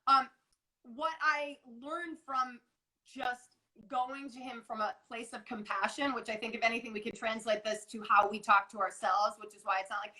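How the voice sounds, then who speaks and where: Woman in her 40s on a video call, high bright voice, earnest, rambly, lots of restarts. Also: a little fast, poor audio. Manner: earnest, rambling, many restarts and acted quotes. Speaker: guest wellness coach. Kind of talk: casual live interview chat.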